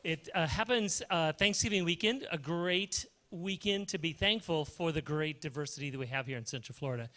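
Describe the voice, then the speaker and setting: A man who organizes an arts festival, giving casual remarks at a live event and pausing often on fillers. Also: a little high, sharp tone. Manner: hesitant, lots of fillers.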